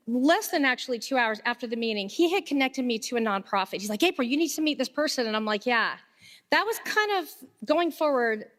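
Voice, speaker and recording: A woman with a fairly high voice gives a loose, conversational tribute at a memorial. Her voice rings out with a long hall reverb. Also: fairly bright tone. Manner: conversational, with fillers. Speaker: memorial speaker. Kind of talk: tribute speech.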